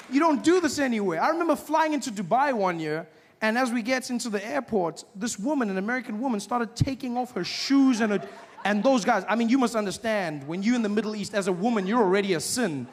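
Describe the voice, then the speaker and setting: A man from South Africa doing stand-up comedy, acting out shouting officials in animated voices. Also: high-pitched, fast. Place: stage before a live audience. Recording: live show with audience noise.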